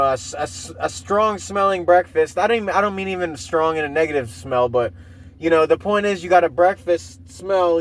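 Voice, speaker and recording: A man with a slightly raised voice hosts his own podcast and rambles through a crude story. He fills his talk with "you know," restarts often, and chuckles between phrases. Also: a little high. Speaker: podcast host. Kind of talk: casual solo podcast rant.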